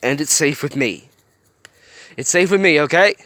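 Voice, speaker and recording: A man voicing a cheerful female emotion spirit who speaks gently and reassuringly, read aloud from a story. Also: on the high side, lively intonation, normal speed, no echo, voice pushed up. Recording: clear background noise.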